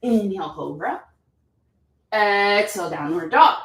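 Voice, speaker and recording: A woman's voice: medium pitch, animated, measured pace. A woman yoga instructor guiding a class, upbeat and playful, chatty with whoops and laughter. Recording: echoey room, mic at a distance.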